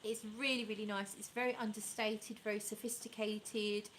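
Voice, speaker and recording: A chatty woman reviewing fragrances for her viewers, her voice crisp and bright with a middling pitch. She talks casually and enthusiastically, rambling and often stopping to correct herself. A faint hum of room noise sits behind her. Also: flat delivery, normal speed, low-quality recording. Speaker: fragrance vlogger. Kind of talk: casual chat reviewing perfumes and reading live comments.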